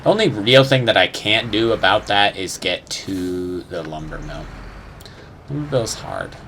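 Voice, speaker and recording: A man's voice: deep voice, animated, unhurried, fairly bright tone, slight background noise. Rambling young man narrating gameplay. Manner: rambling, unsure, swears casually, hums sound effects. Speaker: gamer. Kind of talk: casual gameplay commentary.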